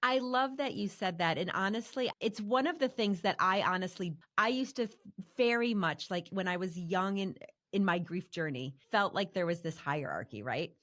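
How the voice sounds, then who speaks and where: A woman's voice: on the low side, expressive, normal speed, fairly bright tone. A woman hosting a podcast, talking in an earnest, conversational way with her guest. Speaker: podcast host. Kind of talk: casual conversation.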